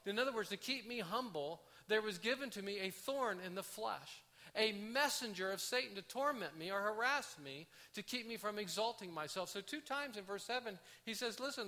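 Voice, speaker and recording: Man, pastor, sermon, high voice, bright tone, casual restarts. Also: brisk. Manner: conversational, animated, with frequent restarts.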